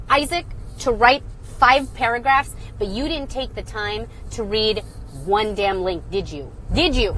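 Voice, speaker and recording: A woman's voice: a little high, a bit bright, a little hiss or hum. A woman hosting a phone livestream, delivering an angry, blunt, sarcastic rant with swearing. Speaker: livestream host.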